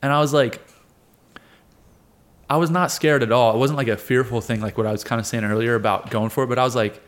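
Man, 20s, interview guest; lively storyteller who voices everyone in his tale. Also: medium pitch, brisk. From United States. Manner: animated storyteller, acts out quotes, laughs often. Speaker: guest, wrestler and fighter.

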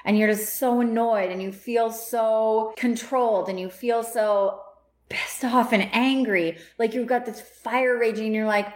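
A woman's voice: fairly high pitch, fairly even intonation, unhurried, darkish tone. Emphatic woman coach in an echoey room. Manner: casual, emphatic, acts out inner voices. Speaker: self-help coach. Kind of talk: motivational talk to camera.

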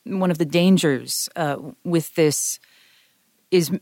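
A woman's voice: low-pitched, slow, mellow, dry recording, studio quality. A woman from the US South, co-hosting a podcast and explaining writing craft thoughtfully, with frequent restarts. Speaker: podcast co-host, writing teacher. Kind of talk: casual discussion.

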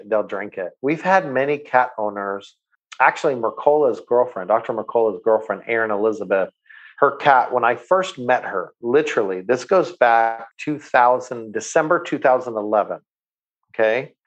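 A man's voice: mid-range voice, normal speed, dull audio. A man, a guest who runs a water company, telling a long anecdote in casual chat and acting out the voices he quotes. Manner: animated storyteller who acts out quoted voices.

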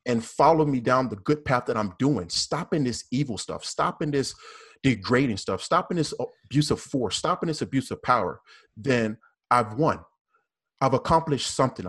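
An earnest man talks as a police officer guest on a discussion panel. His voice sits at an average pitch, and he circles back over his points with halting restarts and repeated phrases. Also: fairly bright tone. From American South.

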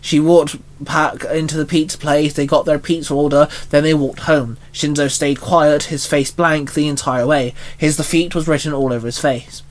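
Guy reading a fan story out loud, kinda high voice, steady with little restarts. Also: moderate pace, hardly any pauses.

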